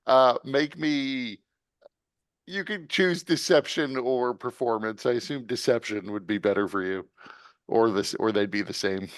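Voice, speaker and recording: A man running a tabletop game as game master, narrating scenes and giving calm, matter-of-fact rulings. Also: mid-range voice, measured pace, clean tone, dry recording.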